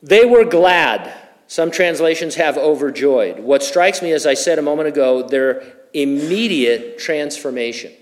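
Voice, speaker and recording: A man's voice: fairly high pitch, moderate pace, few pauses. A middle-aged man preaching a verse-by-verse sermon, conversational in tone with humorous personal asides. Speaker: pastor. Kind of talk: expository sermon.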